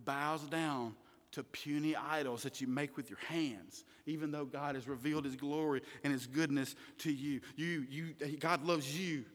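A man preaching a sermon, emphatic, swinging from hushed words to loud declarations. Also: a little high, fairly even intonation, moderate pace. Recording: long hall reverb.

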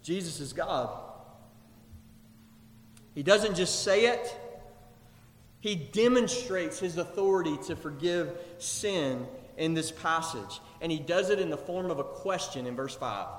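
A male pastor preaching a sermon in a church, animated, acting out quoted voices as he goes. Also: on the high side, a little slow, reverberant, in a large hall. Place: church sanctuary.

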